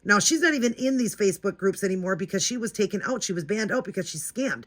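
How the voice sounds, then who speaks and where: A woman's voice: medium pitch, animated, quick pace. A woman hosting her own vlog, telling a story in a chatty, indignant way and talking straight to her viewers. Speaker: doll-collecting channel host.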